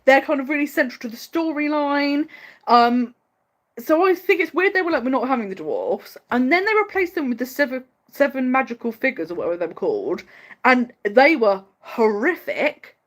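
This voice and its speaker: A woman hosting a casual livestream, chatting in a loose, rambling way. Her fairly high voice swoops up and down with lots of animation. She is opinionated and laughs often. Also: expressive. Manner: chatty, fast-flowing, many "like" fillers. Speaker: livestream host.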